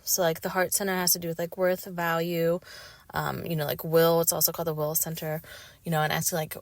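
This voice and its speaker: A woman's voice: low-pitched, little pitch movement, brisk, dry recording. A woman hosting a solo podcast, talking reflectively in a rambling way with many fillers. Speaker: podcast host.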